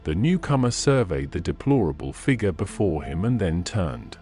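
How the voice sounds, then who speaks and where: Guy narrating an old story, lowish voice, super expressive, slow. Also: faint music behind. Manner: measured, expressive reading. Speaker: audiobook narrator. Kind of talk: scripted narration of a classic story.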